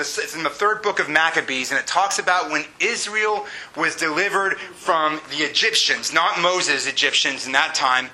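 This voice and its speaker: Pastor, male, 30s; high, bright, animated sermon delivery; roomy church sound. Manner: animated preaching with shouted exclamations. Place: church sanctuary. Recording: echoey room with faint hiss.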